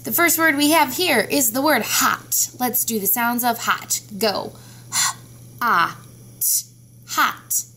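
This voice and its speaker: A woman teaching a phonics lesson to young children, sounding out each letter slowly and clearly. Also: fairly high pitch, expressive, sharp tone, slight background noise.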